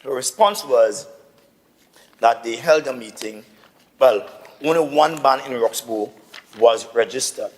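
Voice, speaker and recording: A man's voice: medium pitch, a little slow, pauses often. Indignant Trinbagonian assemblyman in a reverberant chamber. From Tobago. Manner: indignant, insistent, repetitive. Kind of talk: parliamentary debate.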